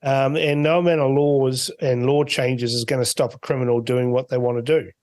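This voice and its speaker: A man's voice: mid-range voice, fairly even intonation, moderate pace, a little mellow, dry recording. A man from New Zealand hosting a political talk show, speaking bluntly and dismissively. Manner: blunt, dismissive, plain-spoken. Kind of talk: political talk radio chat.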